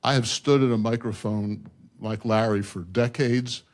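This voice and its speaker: A man's voice: lowish voice, fairly even intonation, unhurried. An older man answering a question on a discussion panel, earnest and emphatic, often restarting his sentences.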